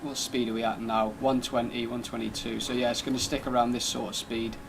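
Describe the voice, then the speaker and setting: A man's voice: mid-range voice, little pitch movement, brisk, vocal fry, background noise. A man giving casual, laid-back commentary over gameplay, thinking aloud as he drives and tests a car. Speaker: gaming channel host.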